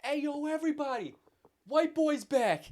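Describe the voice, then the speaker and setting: A man voicing a loud, gushing store regular who shouts his praise in a high, excited voice. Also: quick pace. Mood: hyped.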